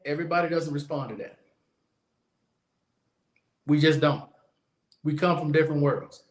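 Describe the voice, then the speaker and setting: A man's voice: fairly high pitch, fairly even intonation, moderate pace, pauses often. Blunt man talking in an echoey room. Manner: blunt, opinionated, repeats points for emphasis. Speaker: podcast host. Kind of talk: casual monologue.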